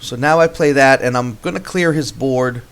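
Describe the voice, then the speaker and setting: A man's voice: medium pitch, normal speed, clear, resonant tone. Man casually narrating a card game. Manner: relaxed, thinking aloud with restarts. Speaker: gameplay video host. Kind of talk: casual gameplay commentary.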